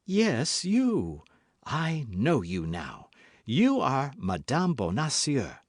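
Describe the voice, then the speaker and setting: Male reader's scheming noblewoman: smooth, feigned warmth, lively pitch, dry close mic. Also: very slow, no room sound, full character voice. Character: scheming noblewoman, cold, cunning, falsely sweet.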